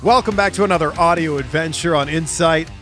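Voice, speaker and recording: A man's voice: a little high, fairly quick, bright, forceful tone, faint music behind. A man hosting a podcast, opening the episode in an upbeat, chatty way. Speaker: podcast host. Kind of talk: podcast intro monologue.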